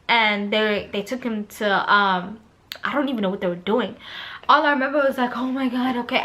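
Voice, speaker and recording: A young woman vlogger telling a personal story in a casual, animated way, often turning to speak straight to her viewers. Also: on the high side. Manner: animated, chatty, keeps addressing viewers.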